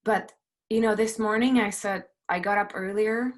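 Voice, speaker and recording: A middle-aged woman producer on a video call from home, sharing her story in an earnest, halting way, emotional and near tears, with many fillers and restarts. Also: medium pitch, steady tone. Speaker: panelist, film producer. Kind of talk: personal testimony on a panel.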